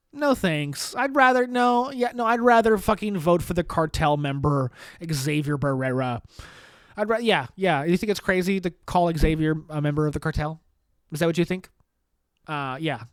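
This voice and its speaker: A man's voice: high-pitched, dry recording, clean studio sound. A man hosting a solo podcast, ranting in a profane, sarcastic, rambling way. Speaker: podcast host.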